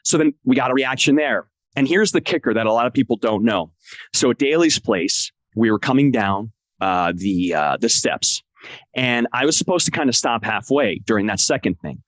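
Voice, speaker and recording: A man as a podcast guest, telling an excited, emotional story and acting out what people said. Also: moderate pace, no echo. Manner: acts out quotes with big pitch jumps. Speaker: podcast guest, wrestling translator. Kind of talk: animated storytelling in conversation.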